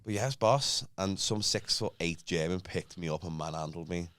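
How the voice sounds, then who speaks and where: A man's voice: low voice, moderate pace, fairly bright tone. A man chatting casually on a podcast, telling crude anecdotes. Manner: crude, storytelling. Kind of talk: casual chat.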